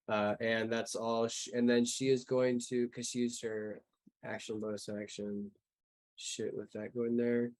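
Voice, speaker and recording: A man's voice: medium pitch, completely flat delivery, unhurried, a little mellow, rough recording. A man running a tabletop game as game master, talking in a loose, rambling way with casual swearing.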